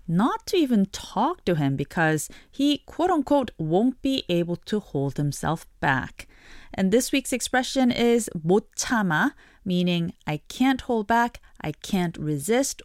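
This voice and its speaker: Woman, radio language lesson host, clear teaching tone, lively pitch, dry close sound. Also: dry recording.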